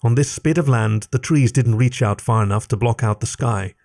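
A man narrating a first-person story in a steady, measured reading voice. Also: mid-range voice. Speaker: story reader.

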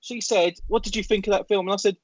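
A man's voice: high-pitched, fast talker, no echo. A man on a podcast, telling a story expressively and acting out what people said. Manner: expressive storytelling with acted quotes. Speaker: podcast panelist. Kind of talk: casual chat. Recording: dull lo-fi sound.

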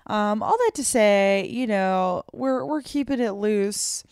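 A woman co-hosting a podcast, talking loosely and laughing as she goes. Her voice is dry and close to the mic, with her pitch in the middle for a woman. She rambles in quick bursts. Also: darkish tone, clean tone, no echo. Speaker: podcast co-host. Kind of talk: casual chat.

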